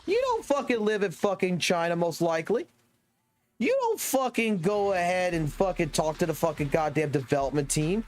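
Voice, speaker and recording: A man, a game streamer ranting excitedly and swearing heavily to his live chat. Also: sits high, moderate pace. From Southern United States. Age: 30s.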